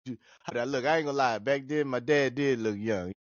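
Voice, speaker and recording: A man hosting a podcast in casual chat, an animated storyteller who jumps into high-pitched voices when he quotes people. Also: normal speed, dry recording, muffled recording. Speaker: podcast host.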